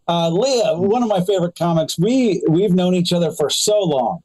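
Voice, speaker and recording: A man starting a stand-up comedy set with halting, friendly banter toward the host. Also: high voice, lively intonation, a little mellow, rough recording. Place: live comedy show before an audience.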